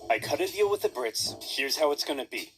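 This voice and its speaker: A man voicing a gruff, bossy senior army general in a cartoon. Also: medium pitch, expressive, brisk, fairly bright tone, soft background music, poor audio. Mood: stern. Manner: bossy, exasperated.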